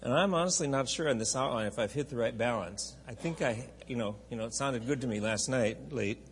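A man's voice: mid-range voice, brisk, a little hiss or hum. A man teaching a Bible class from an outline in a chatty, digressive way, often restarting his sentences and adding asides. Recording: echoey hall, long reverb.

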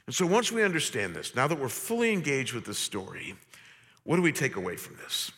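A man preaching in an animated, playful way, his pitch swinging widely as he talks to the congregation. His voice is bright and sits a little high for a man. A long reverb trails behind him, as in a large hall. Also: a little fast, slightly rough. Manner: animated, humorous, addresses congregation directly. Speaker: pastor. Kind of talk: sermon.

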